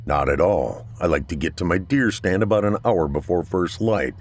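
A man voicing a gruff soldier sergeant. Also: deep voice, expressive, moderate pace. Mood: calm. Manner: gruff, commanding, then bellowing in rage. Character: hardened male airman sergeant, blunt and brave.

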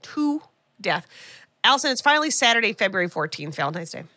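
A woman's voice: mid-range voice, sing-song, quick pace, bright, forceful tone, dry recording. A woman co-hosting a podcast, casually recapping a movie and acting out characters' lines with sarcastic asides. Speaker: podcast co-host. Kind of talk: casual film recap chat.

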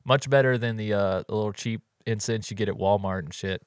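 A laid-back man co-hosting a podcast, his voice low and easy. He chats casually and sometimes gets animated when he tells a story. The sound is dry and close, with no room around it. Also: brisk, clean tone, no echo. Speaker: podcast co-host. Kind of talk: casual podcast chat and ad read.

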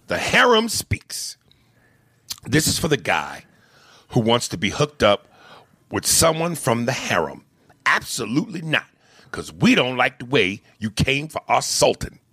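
A man's voice: mid-range voice, sing-song, normal speed, a bit bright, slightly rough, no echo, clean studio sound. A man co-hosting a casual comedy podcast, reading listener emails, swearing freely and slipping into silly voices. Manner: swears freely, slips into silly put-on voices and sung bits.

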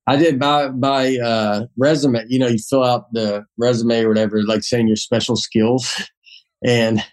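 A man's voice: mid-range voice, level tone, unhurried. A man in his forties with a Southern accent, a comedian talking casually on a podcast, rambling with many restarts. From Tennessee. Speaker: comedian guest.

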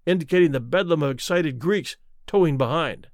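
A man reading a classic adventure story aloud as an expressive narrator. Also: on the high side, fairly quick, no room sound, clean studio sound. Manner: expressive, rises and falls with the action. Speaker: audiobook narrator.

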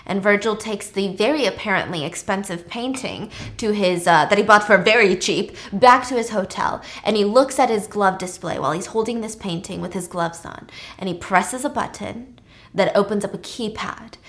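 A young woman hosting, retelling a film in a casual, animated and slangy way. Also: mid-range voice, moderate pace. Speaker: host. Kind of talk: casual film recap while eating.

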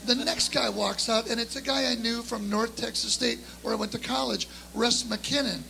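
A middle-aged man and drummer telling an animated story to a live audience, acting out the voices of the people in it. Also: extremely high pitch, normal speed, gravelly, slight background noise, poor audio. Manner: lively, acts out the voices in his story. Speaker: guest drummer.

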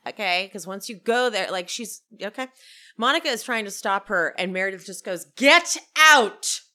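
A woman's voice: medium pitch, brisk, faint music behind. A woman podcast host recapping reality TV in a gossipy, chatty way, laughing often. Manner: gossipy, animated, laughing storyteller. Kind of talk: casual recap chat.

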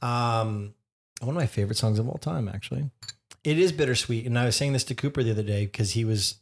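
A man's voice: medium pitch, quick pace. Dry, teasing man podcast host. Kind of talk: casual chat.

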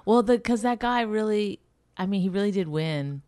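A woman's voice: medium pitch, lively intonation, normal speed, dark tone, dry recording. Teasing, skeptical woman co-host. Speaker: podcast co-host. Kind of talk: casual chat.

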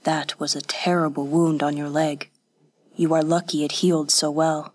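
A woman voicing a patient, kindly temple priest who speaks softly and calmly. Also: low-pitched, moderate pace. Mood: gentle, concerned. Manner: calm, soft-spoken counsel. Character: gentle, patient older male temple priest.

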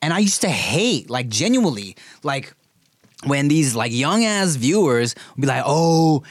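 A man's voice: medium pitch, normal speed, dry recording, clean studio sound. A man co-hosting a podcast in casual chat, telling stories with lots of laughter and swearing. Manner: animated storyteller, laughs often, swears freely. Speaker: podcast co-host. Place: podcast studio.

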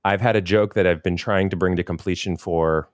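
A man co-hosting a podcast in casual, joking, animated chat with frequent restarts. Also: sits low, fairly quick. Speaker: podcast co-host.

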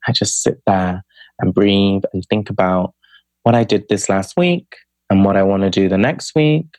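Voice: deep voice, moderate pace, a little mellow, no room sound. A young adult spoken word poet, a guest on a podcast, telling stories casually and filling speech with "like". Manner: chatty, fills speech with "like", acts out quoted friends. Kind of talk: casual storytelling interview.

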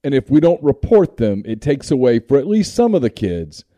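A man's voice: medium pitch, big pitch swings, moderate pace, mellow, dry recording, clean studio sound. A man co-hosting a casual talk show, reasoning through his view in long turns. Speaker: show co-host, recruiting analyst. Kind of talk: casual discussion.

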